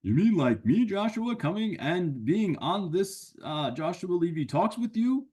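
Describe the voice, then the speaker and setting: A man's voice: high voice, sing-song, measured pace, darkish tone, husky, pitched above the performer's own voice, heavily acted. A man voicing a cheerful, chatty sidekick puppet who keeps butting in with eager, friendly remarks. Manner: eager, friendly, pops in uninvited.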